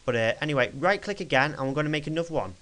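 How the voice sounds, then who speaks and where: Young guy at his home desk narrating a step-by-step tutorial; smooth voice, easygoing, self-correcting ramble. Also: a little high, expressive, rapid-fire, a bit bright, poor audio. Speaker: tutorial maker. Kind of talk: casual screen-recorded software tutorial.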